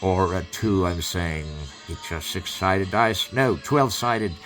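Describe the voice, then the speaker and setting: A man's voice: low-pitched, slow, fairly bright tone, soft background music. A man hosting a film riff, rambling in improvised commentary that moves between mock-solemn chanting and joking asides. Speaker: host riffing over a film.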